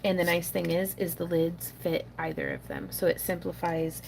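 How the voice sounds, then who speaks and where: A middle-aged woman hosting a crafting livestream, chatting casually and muttering soft asides to herself while she works. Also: on the low side, level tone, moderate pace, gravelly, a little hiss or hum.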